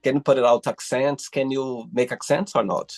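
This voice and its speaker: A man from Brazil hosting a casual interview over a video call, effusive and quick to exclaim. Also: mid-range voice, fairly even intonation, soft background music. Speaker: host.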